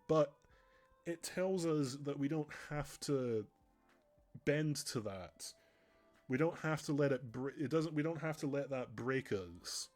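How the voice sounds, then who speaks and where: A man's voice: medium pitch, a little mellow. Earnest rambling male streamer. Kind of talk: just chatting stream.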